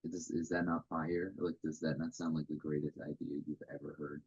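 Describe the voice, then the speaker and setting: Young man, very deep husky voice, laid-back joking, dull lo-fi mic. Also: little pitch movement, moderate pace, darkish tone. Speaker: radio show co-host. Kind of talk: casual radio chat. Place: college radio studio.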